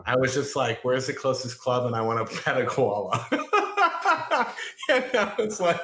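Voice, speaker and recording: Rambling, lively man on a video call. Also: mid-range voice, measured pace, a little hiss or hum. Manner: rambling, full of fillers and restarts. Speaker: guest. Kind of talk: casual interview chat.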